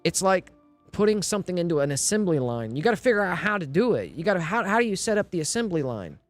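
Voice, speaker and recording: Man streamer, rambling, thinking out loud, slightly high voice, casual, faint music behind. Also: big pitch swings, fast talker, no room sound. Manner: rambling, thinking aloud, repeats "you know what I mean". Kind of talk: casual live-stream talk.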